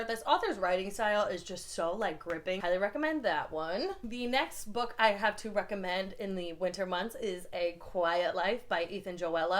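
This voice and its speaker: A young woman from the United States reviewing books in a casual vlog, chatty and gushing, with lots of "like" fillers. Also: fairly low pitch. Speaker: book reviewer. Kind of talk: casual book recommendation vlog.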